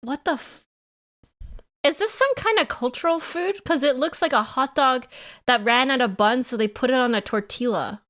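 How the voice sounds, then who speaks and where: A woman's voice: high-pitched, normal speed, fairly bright tone. A woman from Canada, giving playful live-stream reaction commentary and teasing her chat.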